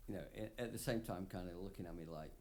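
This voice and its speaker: A man's voice: sits low, quick pace, mellow. A drunk man rambling through a profane story on a concert stage between songs, laughing between phrases, into a stage microphone. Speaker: singer-songwriter performing live. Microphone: stage vocal mic, soundboard feed.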